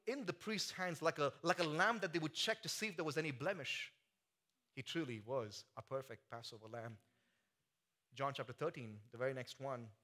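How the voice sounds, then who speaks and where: A man preaching a sermon, swinging from quiet, joking asides to loud, soaring climaxes. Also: mid-range voice. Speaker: pastor. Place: church sanctuary.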